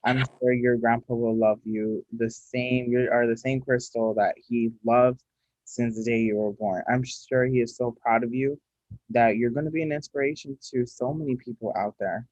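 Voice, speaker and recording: A man interviewing a guest over a video call, gentle and hesitant with many pauses. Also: medium pitch, fairly even intonation, no room sound. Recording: dull dry video-call audio.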